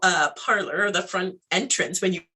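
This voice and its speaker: A woman, a guest in an interview, tells a personal story with animated acted-out dialogue. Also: fairly low pitch, moderate pace, slightly rough. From Canada. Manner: animated storyteller, acts out dialogue, laughs often.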